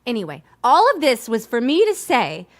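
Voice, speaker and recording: Host: woman, animated storyteller, lots of pitch swing, video call. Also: moderate pace. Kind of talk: casual chat.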